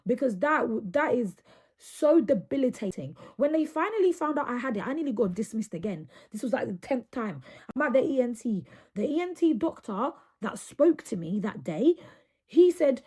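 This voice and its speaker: Earnest young woman with a husky voice. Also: on the high side, animated, normal speed, mellow. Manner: earnest and emphatic, repeats words for stress. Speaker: video creator. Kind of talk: casual talk to camera.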